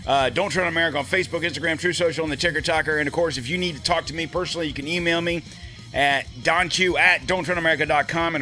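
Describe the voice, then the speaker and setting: A man's voice: mid-range voice, bright, forceful tone. A man hosting his solo podcast, talking off the cuff in a rambling, profane way from a home studio. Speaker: podcast host.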